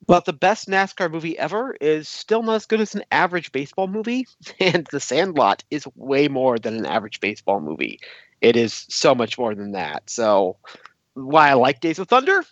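Deadpan man on dull call audio. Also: a little high, no echo. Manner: deadpan, joking, measured. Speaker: podcast co-host. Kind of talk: casual podcast chat. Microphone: video call.

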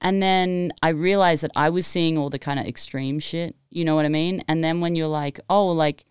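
A young Australian woman, a guest producer, chatting casually and telling animated stories full of "like". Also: sits low, moderate pace, smooth, no echo, clean studio sound. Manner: animated storyteller, lots of "like". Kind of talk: casual chat.

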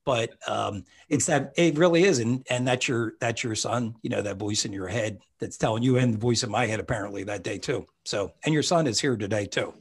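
A man's voice: mid-range voice, brisk, hardly any pauses, husky. A man hosting a podcast as a psychic medium, talking in a rambling, chatty way and often correcting himself. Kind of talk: casual conversation.

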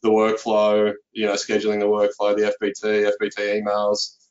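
A low-voiced man talking through his work in a steady, fairly monotone way, his speech loose and full of "you know". The recording is a bit dull and lo-fi. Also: normal speed. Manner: relaxed, many "you know" fillers. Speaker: accountant, guest. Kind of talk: conversational interview.

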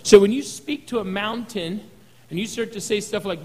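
A male pastor delivers a sermon in a folksy, joking manner, slipping into acted-out voices. His voice sits high, and a long hall reverb trails each phrase. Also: normal speed, a little mellow. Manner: folksy, humorous preaching with acted-out quotes.

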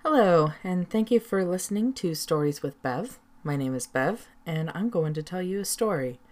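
Low-voiced woman storyteller. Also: animated, normal speed, darkish tone. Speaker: storyteller and author. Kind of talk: storybook narration.

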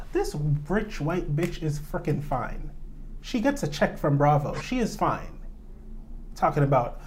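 Chatty sassy guy, kinda high pitch, dishing gossip on his pod. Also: animated, measured pace, darkish tone, a little hiss or hum. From Toronto. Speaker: podcast co-host. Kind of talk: casual chat.

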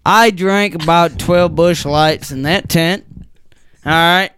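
A man's voice: fairly high pitch, slow, a bit bright, slight background noise. A man playing a drunk, rambling football coach. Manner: rambling, stumbling, heavy swearing. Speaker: football coach at a mock press conference. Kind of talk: improvised comedy sketch.

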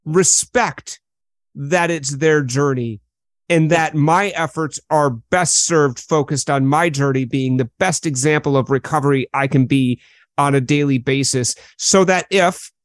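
A middle-aged man hosting a podcast interview, speaking in a calm, measured and reflective way. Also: fairly high pitch, no room sound. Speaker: podcast host.

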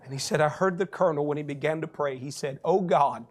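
High-voiced preacher guy telling a testimony, gets loud and shouty. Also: quick pace. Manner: retells a testimony, building to shouted praise. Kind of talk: sermon.

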